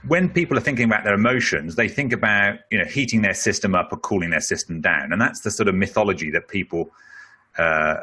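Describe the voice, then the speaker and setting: A middle-aged man speaking in a webinar, taking a question and working through the answer at a conversational pace. His voice is bright and a little husky, and it sits somewhat low. He leans on frequent fillers as he explains. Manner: explanatory, conversational, with many "you know" fillers. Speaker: speaker on leadership.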